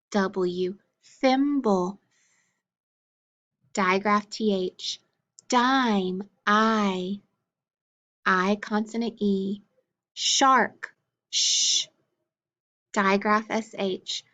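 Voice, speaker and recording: A woman teaching a phonics lesson, drilling letters and sounds slowly and deliberately, one at a time. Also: mid-range voice, sharp tone. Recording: dull lo-fi recording.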